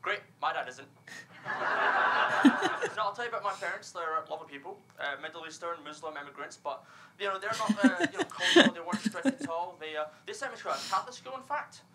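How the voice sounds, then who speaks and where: A man's voice: sits high, expressive, fast, over a noisy crowd, rough recording. An actor playing a young stand-up comedian from Glasgow, with a Scottish accent, chatting and laughing through his set. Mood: chatty. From Scotland.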